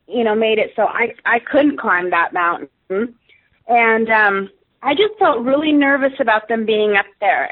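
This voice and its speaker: A woman, a radio guest, telling a story casually with many fillers and restarts. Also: on the high side. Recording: tinny phone line.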